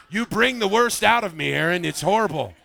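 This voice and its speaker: A man preaching a sermon, telling a story with lively acted-out quotes. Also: sits high, a little fast, creaky. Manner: animated storytelling, acts out quoted voices. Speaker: pastor.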